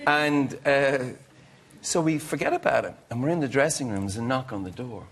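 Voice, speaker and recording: A man's voice: mid-range voice, expressive, moderate pace, a bit bright, a little hiss or hum. A middle-aged man from Ireland, a guest musician on a chat show, telling a long rambling anecdote and breaking off to act out what people said. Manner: rambling, self-interrupting storyteller acting out quotes.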